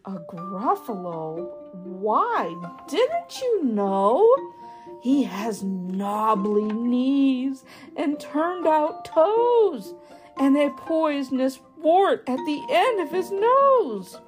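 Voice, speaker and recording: A woman voicing a small, brave, clever mouse in a storybook, bright and confident. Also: high-pitched, very animated, very slow, faint music behind, exaggerated voice. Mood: boastful.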